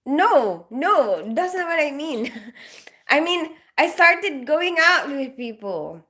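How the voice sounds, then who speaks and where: A woman's voice: sits high, sing-song, takes it slowly, sharp tone. Giggly woman chatting on a livestream. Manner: giggly, greets viewers by name, laughs often. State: just woke up after night shifts. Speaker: nurse livestreaming to viewers. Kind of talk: casual live-stream chat.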